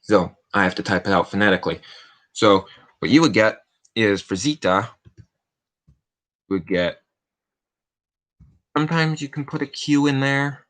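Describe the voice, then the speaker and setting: Hosting a relaxed Q&A livestream, this man rambles and makes self-mocking jokes. He speaks in a lowish, slightly bright voice, unhurried and with frequent pauses.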